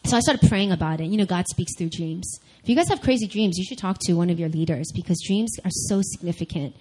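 A young adult woman giving a sermon-style personal testimony, candid and animated, speaking straight to her listeners. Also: on the low side, quick pace, slight background noise, poor audio.

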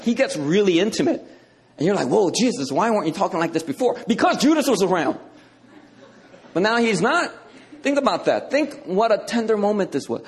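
A male preacher works through scripture in a relaxed, conversational teaching sermon. He leans on words for emphasis and keeps checking in with his listeners. His voice sits a little high for a man. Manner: conversational, emphatic, repeats "okay".

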